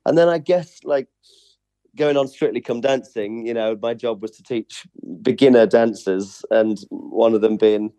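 A man's voice: medium pitch, a little slow, dark tone, dry recording. A man from England, a stage performer being interviewed, chatting casually and laughing easily.

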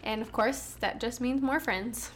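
A woman's voice: a little high, unhurried. A woman co-hosting a casual podcast, chatty and giggly as she reads out how to reach the show. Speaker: podcast co-host. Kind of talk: casual chat.

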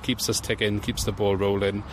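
Low flat-voiced man over street noise. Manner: measured, even-toned match preview. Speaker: guest fan from another podcast. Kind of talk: casual podcast chat.

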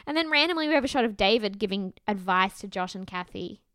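A young woman chats through a show recap in a bright, pointed voice. She swears freely and slips into quick impressions of the people she describes. The recording is dry and close. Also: mid-range voice, clean tone, no room sound. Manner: swearing, animated retelling with quoted voices. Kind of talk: casual recap chat.

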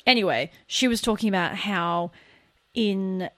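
A woman's voice: mid-range voice, a little slow, no room sound. A young Australian woman co-hosting a podcast, chatting casually with a self-deprecating, lightly sweary manner. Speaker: podcast co-host. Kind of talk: casual chat.

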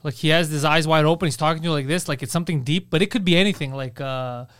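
A man co-hosting a casual podcast, throwing in quick crude wisecracks. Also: a little high, a bit bright, clean tone, dry recording, studio quality.

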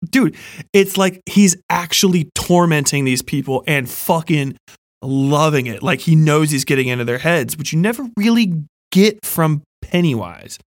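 A man's voice: a little high, no room sound, clean studio sound. A young man hosting a casual horror review chat, rambling, swearing a lot and laughing often. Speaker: podcast host.

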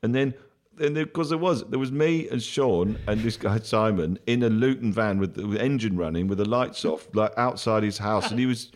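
Very deep-voiced man telling a rambling story. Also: moderate pace. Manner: rambling with many fillers and restarts; laughs through his own story. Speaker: comedian guest. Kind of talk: anecdotal storytelling.

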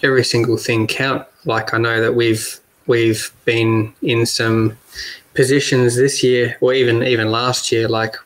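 A man with an Australian accent, a guest kart driver talking casually on a podcast, relaxed and quick to laugh. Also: mid-range voice, low-quality recording. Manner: relaxed, laughs often, repeats words.

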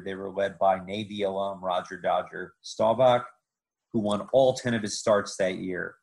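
A man hosting a podcast, narrating sports history in a lively way with joking asides. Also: fairly low pitch, poor audio.

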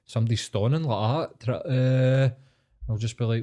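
A man's voice: medium pitch, normal speed, mellow. A Glaswegian man co-hosting a podcast, telling stories in a loose, sweary way. He acts out the people he meets and keeps the chat casual. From Scotland. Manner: sweary, storytelling, acts out quoted voices. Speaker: podcast co-host.

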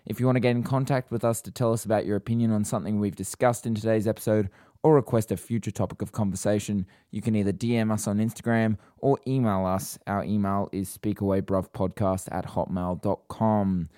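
A man co-hosting a podcast in casual chat, relaxed and explaining at length, and reading the show's sign-off. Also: on the low side, brisk, dry recording, clean studio sound. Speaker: podcast co-host.

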